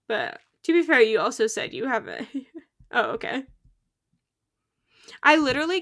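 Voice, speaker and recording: Giggly and excitable, a young woman talks casually while streaming a game. Her voice is a little high with vocal fry, captured close and dry with no echo or room around it.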